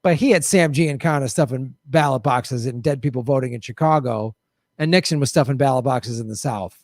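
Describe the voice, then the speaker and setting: A man hosting a casual livestream, answering viewer questions with animated commentary and mocking voices. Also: medium pitch, brisk, no echo, clean studio sound. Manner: animated, jumps between mocking voices and mutters.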